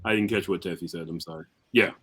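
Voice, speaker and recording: A man's voice: deep voice, steady tone, fast talker, a crowd in the background. A man hosting a casual live stream chat, giving blunt, dismissive opinions about movies.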